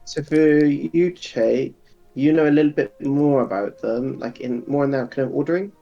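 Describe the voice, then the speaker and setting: A man's voice: mid-range voice, normal speed, vocal fry, dark tone, highs cut off, faint music behind. Hesitant man running a tabletop game. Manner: hesitant, frequent ums while explaining. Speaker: game master.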